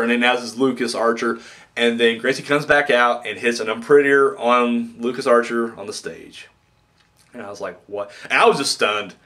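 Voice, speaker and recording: A man reviewing a wrestling show in a casual, excitable way, full of fillers, restarts and quoted reactions. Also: mid-range voice.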